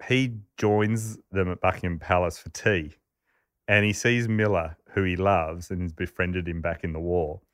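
A man casually telling anecdotes on a podcast, chatty and animated, laughing as he goes. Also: deep voice, normal speed, no echo, studio quality. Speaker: podcast host telling a story. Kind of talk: casual storytelling chat.

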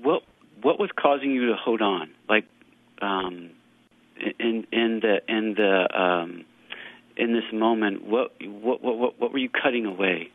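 A priest and spiritual director asks a caller a question, stopping and repeating words as he finds his way. His slightly low voice comes through a thin, phone-like line that sounds dry. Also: dry recording. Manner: halting, repeats himself while forming a question. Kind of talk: radio discussion.

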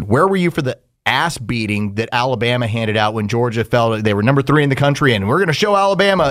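A man's voice: mid-range voice, no echo, clean studio sound. Southern man co-hosting sports radio. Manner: storytelling, emphatic, fond of acted quotes. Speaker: radio show co-host. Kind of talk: casual sports radio chat.

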